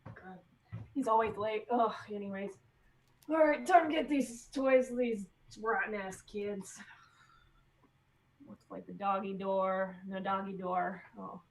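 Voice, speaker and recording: A woman's voice: mid-range voice, fairly even intonation, measured pace, gravelly, pauses often, distant mic, a little hiss or hum. A woman playing a grumbling Santa afraid of chimneys, muttering to himself on a video call.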